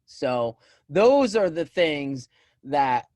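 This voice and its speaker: A man co-hosting a casual talk show, telling self-deprecating stories with animated energy and bursts of loud laughter. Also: a little high, very slow, dry recording. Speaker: podcast co-host. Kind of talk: casual chat.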